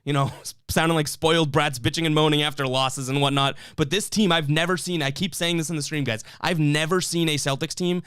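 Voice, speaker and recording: A man hosts a live sports stream, reading viewer comments and venting with lots of restarts and fillers. His voice sits somewhat high and comes through smooth and clear. The sound is close and dry, with no room echo. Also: steady tone, brisk, hardly any pauses, a bit bright. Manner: fired-up, rambling, frequent restarts and fillers.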